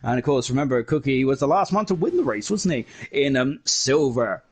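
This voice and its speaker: A man commentating a sim racing league live, excitable and chatty, shouting at the big moments. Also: medium pitch, a little fast, noisy background. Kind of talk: live esports race commentary.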